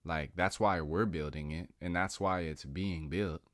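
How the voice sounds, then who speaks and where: A man with a deep, low voice holds forth in a loose, drawn-out monologue. He is slangy and profane and laughs along the way. The sound is dry and close, with no room around it. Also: steady tone, a bit bright, no echo. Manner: drawn-out, musing delivery. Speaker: podcast host. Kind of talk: casual philosophical monologue.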